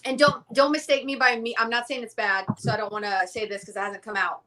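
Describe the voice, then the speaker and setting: A woman's voice: on the high side, fast, a little hiss or hum. A young woman, a guest from a whiskey company, telling a story in a casual interview and acting out the dialogue. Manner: animated, acts out quoted dialogue.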